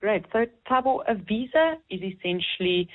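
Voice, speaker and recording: A woman, an immigration consultant, explaining things clearly as a guest in a phone-in radio interview. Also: mid-range voice, expressive, normal speed. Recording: tinny phone line.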